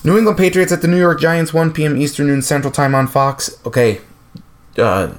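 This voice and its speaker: A man's voice: on the high side, fairly quick. A man hosting a sports podcast, running through game picks with frequent fillers and restarts. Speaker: podcast host.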